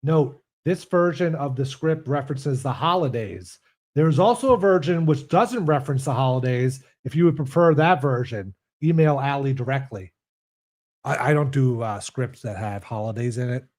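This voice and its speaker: A man's voice: mid-range voice, normal speed, a little mellow. A man co-hosting a comedy podcast, easygoing and a little hesitant as he banters and reads a script aloud. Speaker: podcast co-host.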